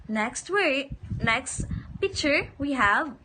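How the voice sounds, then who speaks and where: A woman with a high, bright voice leads young children through a phonics lesson, speaking very slowly. She says each word, then repeats it for the class to echo. There is a faint hiss behind her. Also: expressive. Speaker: teacher.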